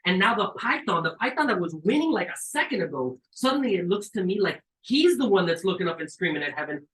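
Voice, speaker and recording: Reading his own story fast with few pauses, a man uses street slang and swears freely, his delivery animated. Quotes burst out in high shouted voices and suspense falls to quiet lows, all on a rough recording from a cabin at a live event.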